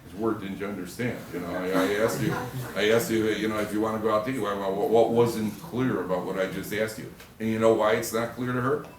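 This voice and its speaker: A man giving an animated Torah class as a rabbi, joking and acting out quoted husbands and wives. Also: fairly low pitch, quick pace, far from the mic, crowd noise. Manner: animated storytelling, acts out quoted husbands and wives, jokey asides. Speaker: rabbi lecturer. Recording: echoey room recorded from afar, faint ambience.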